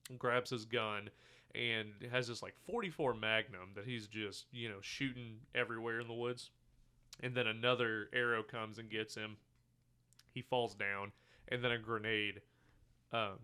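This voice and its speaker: On a casual movie review podcast, a co-host walks through a film's scenes and acts out the characters' lines along the way, swearing as he goes. His voice sits a little low yet rings bright and smooth, and his retelling is animated.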